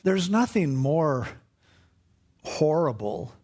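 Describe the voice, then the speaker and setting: A man's voice: on the high side, sing-song, slow, a little mellow, husky. A middle-aged male pastor preaching a sermon in a conversational way, acting out the voices he quotes.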